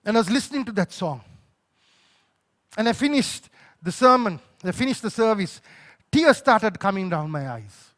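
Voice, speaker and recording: A male pastor with a Sri Lankan accent preaches in a high, sing-song voice at a moderate pace, pausing often. He tells a personal story with emotion, shifting between loud pleading and quiet, soft moments.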